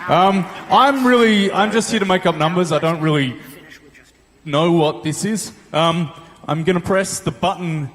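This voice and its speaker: A man's voice: sits high, unhurried. A man giving an awkward, self-deprecating stage introduction at a convention. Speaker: guest contestant. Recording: long hall reverb, faint noise.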